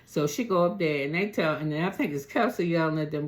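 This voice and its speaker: A man's voice: a little high, fast talker. Slangy, profane man recapping gossip. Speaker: reality TV recap host. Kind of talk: casual show recap.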